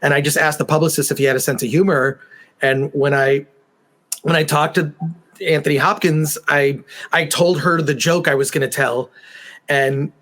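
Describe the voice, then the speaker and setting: Relaxed man chatting as interviewer. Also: fairly high pitch, moderate pace. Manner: relaxed, conversational, shares own anecdotes. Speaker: interviewer, documentary maker. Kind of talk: casual interview chat.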